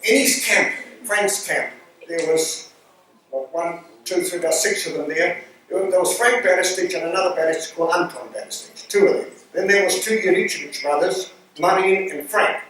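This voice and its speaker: An older man spins club anecdotes in a bright, high voice and slips into the broken English of the old-timers he quotes. He sounds far from the mic in a very echoey hall with faint room noise behind him. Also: normal speed. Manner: animated, mimics broken-English speech of the men he quotes. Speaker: club speaker telling stories. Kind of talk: anecdotal storytelling to an audience.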